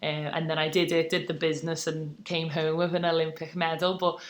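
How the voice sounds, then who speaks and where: A woman's voice: low-pitched, little pitch movement, a little fast. A British woman in her twenties, a sportswoman telling her story in a casual podcast interview, chatty and full of fillers. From Britain. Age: 20s. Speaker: guest, taekwondo athlete.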